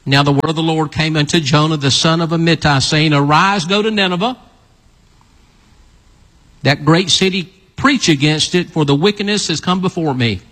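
A man preaching an animated sermon, acting out a story with volunteers and calling out to the congregation. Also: normal speed, big-room sound. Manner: animated, calls out to the audience, builds to excited high shouts.

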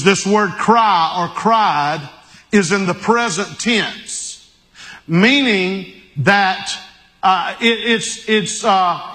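Preacher guy, high bright voice, slow and halting, stretches out the scripture. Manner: halting, repeats words, reads scripture slowly and emphatically. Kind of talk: sermon.

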